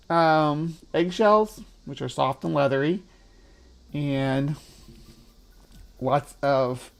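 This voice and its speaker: A man's voice: medium pitch, creaky. Chatty man hosting a livestream. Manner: chatty, laughs often, playful snake voices. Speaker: livestream host. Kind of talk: casual livestream commentary.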